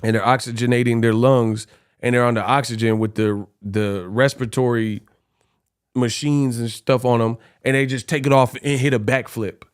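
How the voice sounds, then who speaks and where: A man's voice: medium pitch, fairly even intonation, moderate pace, clean tone. A young man giving casual boxing commentary, slangy and laughing often, calling listeners bro and y'all. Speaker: boxing vlogger.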